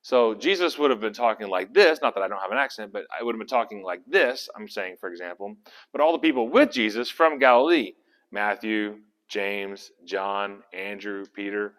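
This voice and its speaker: A man's voice: on the low side, normal speed, fairly bright tone. A man leading a casual Bible study in a folksy, conversational way. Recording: reverberant hall.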